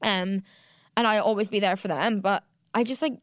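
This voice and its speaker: A woman's voice: mid-range voice, fairly even intonation, normal speed, dry recording, clean studio sound. A young woman, hosting a solo podcast, talking candidly and rambling with many fillers and restarts. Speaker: podcast host. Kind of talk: solo confessional podcast monologue.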